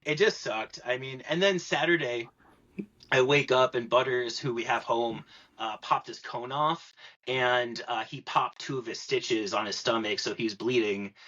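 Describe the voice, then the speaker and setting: A man's voice: mid-range voice, unhurried, sharp tone, muffled recording. A young man telling a long story in a rambling podcast chat, full of "like" and filler words. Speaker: podcast guest.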